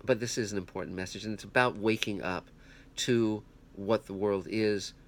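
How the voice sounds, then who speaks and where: Earnest man reviewing a film, halting. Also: lowish voice, fairly even intonation. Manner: halting, many restarts and fillers, earnest. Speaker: film reviewer, channel host. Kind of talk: casual spoken film review. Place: home, puppies heard nearby. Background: puppies growling.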